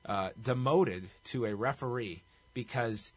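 A podcast co-host, a man, wryly recaps a show from his notes in clipped bursts, keeping the chat casual. His mid-range voice is unhurried and slightly rough, with no room sound.

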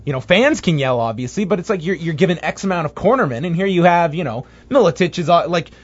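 A man co-hosting a podcast, telling rambling, animated stories in casual chat. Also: a little high, quick pace, husky. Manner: rambling, animated storytelling with voiced impressions. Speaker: podcast co-host. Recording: muffled lo-fi audio.

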